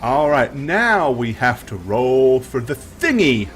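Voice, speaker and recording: A young man running a tabletop game as game master, narrating in vivid, drawn-out descriptions with frequent ums. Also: medium pitch, sing-song, fairly bright tone.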